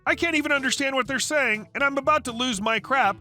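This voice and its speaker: A man narrating an online story in the first person, in a brisk, chatty way. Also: very high-pitched, sharp tone, faint music behind.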